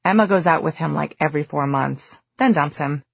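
A woman's voice: low-pitched, a little fast, gravelly, husky, dry recording, highs cut off, exaggerated voice. An audiobook reader voicing a cheerful, nosy teenage girl who chirps teasing questions. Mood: teasing bright.

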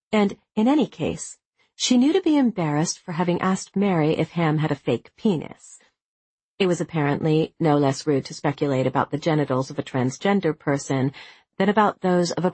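A woman narrating a novel as an audiobook, with a measured, expressive reading. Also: on the low side, slightly rough, dry recording. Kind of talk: scripted narration.

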